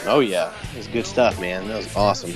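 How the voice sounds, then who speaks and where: A man's voice: sits low, a little fast, music in the background. Laid-back man co-hosting a podcast. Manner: laid-back, agreeable, laughs along. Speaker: podcast co-host. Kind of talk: casual podcast chat.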